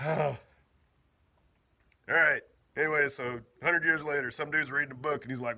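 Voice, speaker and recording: A man's voice: fairly high pitch, fairly even intonation, moderate pace, sharp tone. A man casually joking his way through an explainer, laughing and acting out bits in silly voices. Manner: goofy, laughing, slangy, acts out bits in voices. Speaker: off-grid living vlogger.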